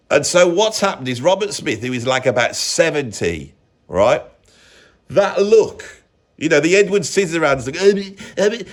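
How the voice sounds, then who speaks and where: A middle-aged British man, a musician, ranting in a blunt, sarcastic, rambling way. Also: on the high side. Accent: British English. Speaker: musician and vlogger. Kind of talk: opinionated rant.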